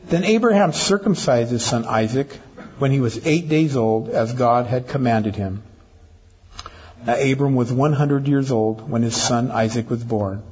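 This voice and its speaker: A man's voice: medium pitch, unhurried, darkish tone, husky. An older man preaching a sermon to his congregation, with teasing asides to the ladies in the pews. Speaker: pastor. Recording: dull lo-fi church recording.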